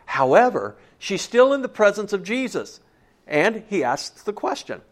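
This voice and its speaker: A man preaches a sermon in an easy, conversational manner. He keeps checking in with the congregation with questions. His voice sits a touch high for a man. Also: sing-song, unhurried. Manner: conversational, asks the listeners questions. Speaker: pastor.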